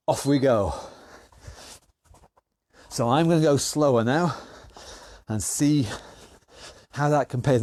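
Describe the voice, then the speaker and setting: Working out alongside his online class, a UK fitness instructor cues the exercises and counts down. The recording is dry, and his mid-range voice has a slightly mellow quality.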